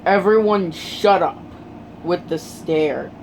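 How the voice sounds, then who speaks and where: Storyteller doing a tired male teacher, curt, blunt, slow delivery. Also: medium pitch, a little mellow, slight background noise, low-quality recording.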